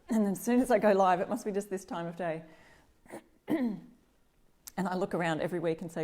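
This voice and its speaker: This DIY craft host, a middle-aged Australian woman, chats casually on a live stream from her home workshop and greets viewers by name. With a mid-range, slightly mellow voice, she sounds a bit stuffy and clears her throat.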